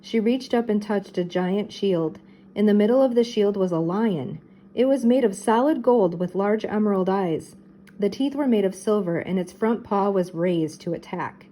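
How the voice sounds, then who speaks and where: An older woman, a teacher, reading a children's mystery book aloud with steady, expressive narration. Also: medium pitch, normal speed, low-quality recording.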